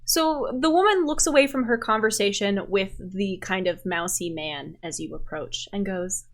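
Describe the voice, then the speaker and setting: A woman narrating as game master in a steady, descriptive way. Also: mid-range voice, normal speed.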